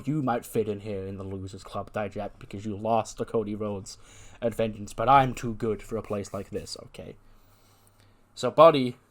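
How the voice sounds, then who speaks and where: A man casually narrating a wrestling game, retelling each character's promo in quick, filler-heavy speech. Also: mid-range voice. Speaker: let's-play narrator.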